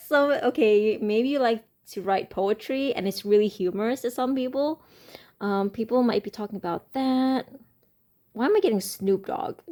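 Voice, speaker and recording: Slow, musing woman reading tarot. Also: mid-range voice, warm tone. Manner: slow, musing, many pauses and fillers; speaks slowly. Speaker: tarot reader.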